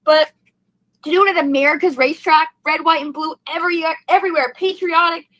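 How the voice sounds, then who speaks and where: A woman's voice: very high voice, fairly even intonation, fairly quick, fairly bright tone, dry recording, low-quality recording. A young woman race driver in an emotional post-race interview, gushing and heartfelt, rambling with fillers.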